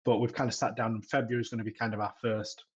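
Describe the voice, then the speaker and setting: A man with a Yorkshire accent and a lowish, slightly rough voice talks very fast in a level tone on a podcast, recalling how he started making tech videos as a content creator. He's chatty, often restarting sentences and repeating words. The audio is lo-fi.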